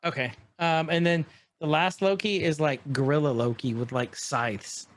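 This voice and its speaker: Man, slightly high voice, podcast co-host, casual excited chat, rambling recap. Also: no echo. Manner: excited, rambling, retells scenes while pausing the show.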